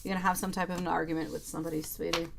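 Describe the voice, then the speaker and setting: A woman's voice: on the low side, level tone, very fast, gravelly, a bit bright, a little hiss or hum. A woman giving a live tarot reading and answering viewers in chat, affectionate, calling them sweetie and lovely. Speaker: tarot reader.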